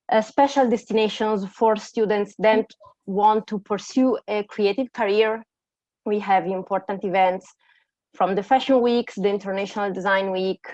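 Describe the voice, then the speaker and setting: A woman's voice: mid-range voice, no room sound. Woman, admissions presenter, mid voice, muffled dry call. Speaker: admission coordinator. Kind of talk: webinar presentation. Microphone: video call.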